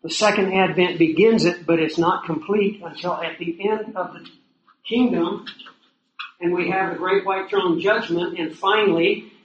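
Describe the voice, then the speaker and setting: A man's voice: high voice, fairly even intonation, measured pace, highs cut off. A man preaching a sermon in a conversational way, asking his listeners rhetorical questions. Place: outdoors or lodge near hills and prairie. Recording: roomy echo, faint noise.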